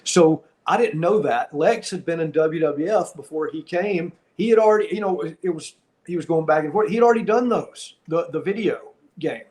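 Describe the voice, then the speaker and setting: A middle-aged man hosting a podcast. He tells a story in a casual, animated way and acts out the lines of the people in it. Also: on the high side, normal speed. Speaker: podcast host and former wrestler.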